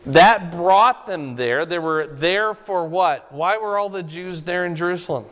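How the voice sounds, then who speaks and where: A man's voice: high-pitched, measured pace, fairly bright tone, slight background noise. A middle-aged man preaching a Bible lesson in a conversational way, asking his listeners questions. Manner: conversational, asks the audience questions. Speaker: pastor. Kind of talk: Bible teaching to a congregation. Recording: long hall reverb.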